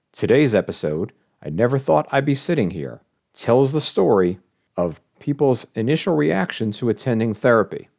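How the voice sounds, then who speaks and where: A man opens his podcast episode with a short introduction. His voice is fairly low but very animated, rising and falling widely through each phrase. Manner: lively, intonation that swoops up and down. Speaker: podcast host.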